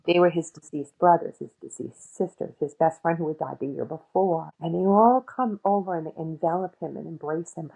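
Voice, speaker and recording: A woman's voice: deep voice, moderate pace, creaky, few pauses, breathy edge, rough recording. A middle-aged woman, an author and paranormal investigator, tells emotional personal stories as a podcast guest, acting out the voices of the people in them. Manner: animated, acts out the voices of people in her stories.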